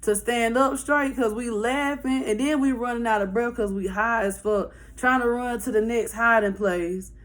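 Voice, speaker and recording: A woman telling a wild story to her viewers in casual slang, animated, profane and laughing. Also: a little high, normal speed, few pauses.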